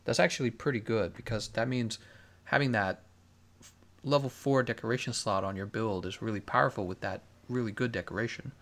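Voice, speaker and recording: A man's voice: on the low side, fairly quick, fairly bright tone. A man streaming a game live, in casual commentary, reading chat questions aloud and musing on his answers in a laid-back way.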